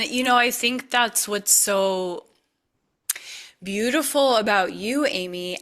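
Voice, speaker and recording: A woman's voice: medium pitch, pushed and bright. A woman podcast host in a casual chat, speaking in a reflective, affirming way.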